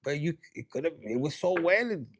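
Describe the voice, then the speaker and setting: A man's voice: fairly high pitch, big pitch swings, fairly quick, background noise. A man giving a casual, rambling and bawdy tarot reading, joking and slipping into Spanish. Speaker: tarot reader.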